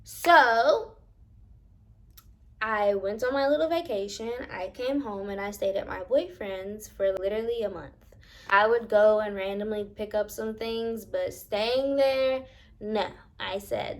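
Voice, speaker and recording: A young woman vlogger narrating a personal paranormal story in a dramatic, animated way, talking straight to her viewers and swearing freely. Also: mid-range voice, unhurried.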